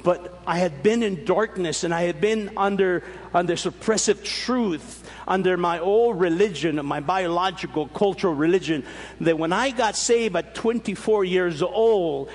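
A man preaching a sermon, telling stories animatedly with emphatic rises and frequent restarts, his voice husky. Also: high voice, expressive, moderate pace. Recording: long reverb of a large hall.

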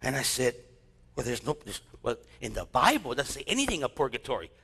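A man preaching a sermon as pastor, telling stories and quoting scripture in an animated way. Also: mid-range voice, fast, slightly rough. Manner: animated preaching with storytelling asides. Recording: long hall reverb.

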